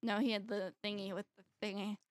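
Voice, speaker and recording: A woman's voice: mid-range voice, level tone, quick pace, no echo, clean studio sound. A young woman co-hosting a casual podcast, hesitant and often reaching for words. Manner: hesitant, searches for words, lots of fillers. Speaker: podcast co-host. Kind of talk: casual chat.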